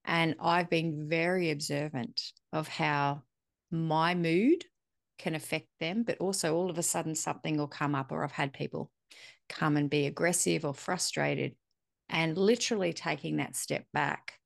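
A woman's voice: low-pitched, unhurried, gravelly, no echo, clean studio sound. A middle-aged woman, chatting candidly and reflectively, swearing casually and acting out bits of dialogue. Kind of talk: casual conversational chat.

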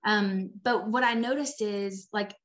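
Thirtysomething woman chatting away, full of likes, ordinary pitch. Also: steady tone, measured pace. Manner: chatty, many "like" fillers, acts out quoted voices. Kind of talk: casual conversation.

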